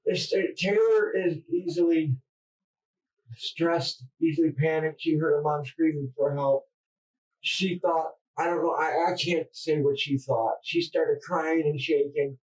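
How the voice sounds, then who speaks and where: A man confessing under police interrogation, halting and distressed, stammering through restarts. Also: a little high, steady tone, a little mellow. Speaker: murder suspect under interrogation. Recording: distant mic in interrogation room.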